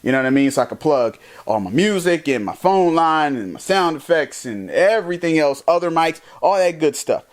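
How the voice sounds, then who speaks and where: A man with a fairly high-pitched voice talks through a gadget review in a casual, playful way. His delivery is animated and jokey, as if chatting with his viewers. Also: moderate pace, few pauses. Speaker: tech reviewer. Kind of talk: casual product review vlog.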